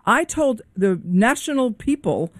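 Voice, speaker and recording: A woman giving forceful, alarmed commentary on real estate in a talk show discussion. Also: on the high side, lively intonation, no echo, studio quality. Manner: forceful, alarmed, rapid-fire points.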